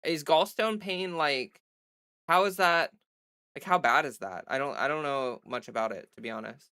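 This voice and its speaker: A woman's voice: low voice, moderate pace, sharp tone, clear, resonant tone. A woman chatting casually on her own livestream, rambling with lots of fillers and restarts, blunt and defiant, swearing freely. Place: home streaming setup under bright lights.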